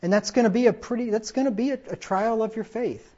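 A man's voice: high voice, fast, darkish tone. Conversational male preacher, lo-fi. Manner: conversational, with tag questions and quoted dialogue. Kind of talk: sermon.

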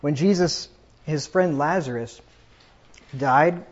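A man's voice: on the high side, slow pace, lo-fi sound. A man preaching a funeral sermon, reading scripture aloud with rising emphasis.

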